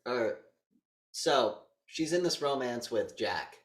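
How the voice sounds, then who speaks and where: An animated man co-hosting a movie podcast, swearing freely and jumping into quick voices to act out scenes. His voice sits in a middle pitch, and it rings a little in an echoey room. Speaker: podcast co-host. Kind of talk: casual movie review chat.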